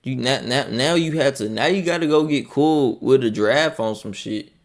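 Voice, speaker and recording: Gravelly man ranting through a reaction stream. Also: medium pitch, moderate pace. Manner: profane, incredulous, loud outbursts then mumbling asides. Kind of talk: casual live reaction commentary.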